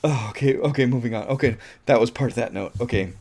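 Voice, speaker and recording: A man giving a casual film review monologue, animated and profane, laughing at his own points and turning loud when he finds something absurd. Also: medium pitch, fast talker.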